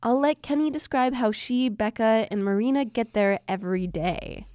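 A woman hosting a science podcast, explaining things clearly and cheerfully, recorded at her desk. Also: fairly high pitch, normal speed, darkish tone, dry recording. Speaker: podcast host. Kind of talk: scripted science narration.

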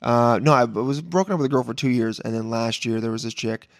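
A man's voice: mid-range voice, fairly even intonation, a little fast, no room sound, clean studio sound. A man hosting a podcast in casual chat, laid-back, teasing and profane. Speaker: podcast host.

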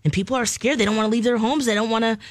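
A woman's voice: on the high side, steady tone, very fast, no echo. Chatty female radio co-host, dry sound. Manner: conversational, chatty storytelling. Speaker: radio co-host reading news stories. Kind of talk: casual news chat.

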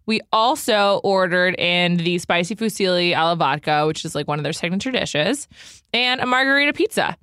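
Young woman, co-host, from New York, relaxed storytelling, fillers, dry close sound. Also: fairly low pitch, normal speed, clean tone, no echo. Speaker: podcast co-host. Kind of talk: casual food chat.

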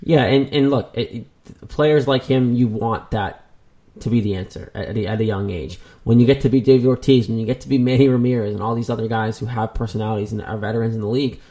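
A man's voice: medium pitch, quick pace, mellow. A man co-hosting a casual baseball talk show, rambling with many restarts. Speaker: sports podcast co-host.

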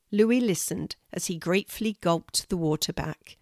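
An older woman reading a children's story aloud in a clear, measured storytelling voice. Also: lowish voice, dry recording, clean studio sound.

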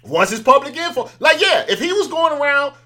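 Hosting a news commentary show, a man talks directly to viewers in casual on-camera style, emphatic and repetitive, with chuckles between points. His voice is extremely high with big pitch swings, a sharp tone, and a slightly fast pace.

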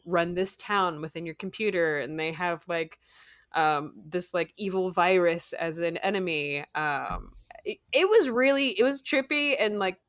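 A woman's voice: fairly low pitch, a little slow, fairly bright tone, no echo, clean studio sound. A woman co-hosting a podcast in casual chat, talking in a chatty way full of fillers and laughing often. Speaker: podcast co-host.

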